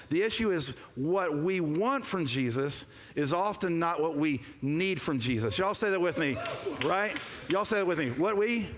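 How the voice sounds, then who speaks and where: A man preaching a lively, joking sermon, calling for the congregation to respond. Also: high-pitched. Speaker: pastor. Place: church sanctuary. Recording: long reverb of a church hall.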